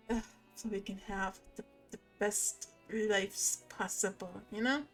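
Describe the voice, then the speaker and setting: A woman's voice: medium pitch, steady tone, measured pace, fairly bright tone, faint music behind. A woman streamer chatting casually on a live stream, rambling with many restarts. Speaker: streamer host.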